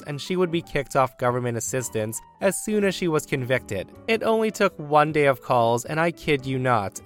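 Male story narrator with a smooth, clear voice and mid-range pitch, over faint background music. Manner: storytelling with emphatic swings in pitch and loudness. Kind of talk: reading a first-person revenge story.

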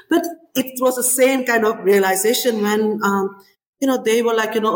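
A woman in her forties, a chef and restaurant owner, talking in an interview in an animated storytelling way with many "you know"s. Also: fairly high pitch, fairly quick. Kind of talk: interview conversation. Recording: echoey room with long reverb.

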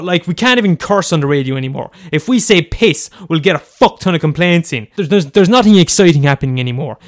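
A young man with an Irish accent performs a radio host in a comedy sketch. He rants in a profane stream, full of restarts, with his voice pitched a bit high.

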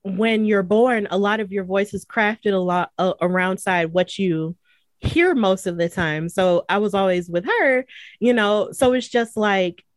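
A woman's voice: mid-range voice, measured pace, no room sound. A young woman from Alabama with a Southern accent, chatting casually and filling her talk with "like" and "you know". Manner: chatty, many "like" fillers. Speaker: guest. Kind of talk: casual chat.

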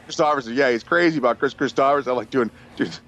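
A man's voice: mid-range voice, rapid-fire, lo-fi sound. A man chatting casually and telling stories, cursing constantly and acting out what people said. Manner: profane, animated storyteller doing quoted voices. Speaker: truck driver. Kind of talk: casual chat.

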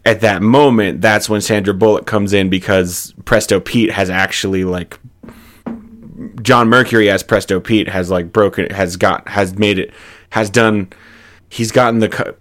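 A man's voice: on the low side, steady tone, moderate pace, a bit bright. A man in casual improvised comedy chat, brainstorming a movie plot in a rambling, chatty way and laughing easily.

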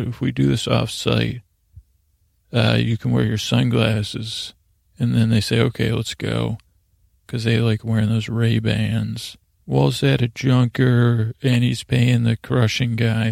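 A man hosting a sleep podcast, recapping a show in a meandering, halting way with deadpan asides. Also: mid-range voice, gravelly, dry recording, clean studio sound. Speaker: podcast host.

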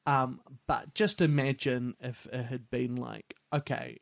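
A man's voice: mid-range voice, fairly even intonation, a little slow, creaky, no echo. A man co-hosting a podcast in casual chat, wry and rambling, trailing off with fillers. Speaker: podcast co-host.

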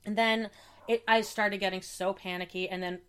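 A woman's voice: medium pitch, normal speed, clean tone. A young woman chats casually on a podcast, telling a long personal story with lots of energy. She keeps acting out what other people said to her, with her voice jumping up and down between quotes. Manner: animated storytelling, acts out quoted dialogue. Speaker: podcast co-host. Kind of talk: casual chat.

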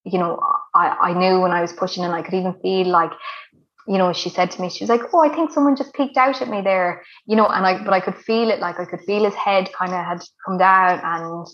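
A woman's voice: fairly low pitch, flat delivery, brisk, a bit bright. A woman, telling her birth story in a chatty way full of fillers. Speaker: guest sharing a birth story. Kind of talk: casual storytelling. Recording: dull lo-fi recording.

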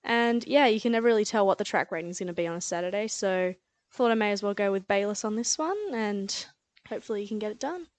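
A woman giving her race tips in a relaxed, chatty way, laughing easily. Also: medium pitch, fast. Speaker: podcast guest tipster. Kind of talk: casual racing tips chat.

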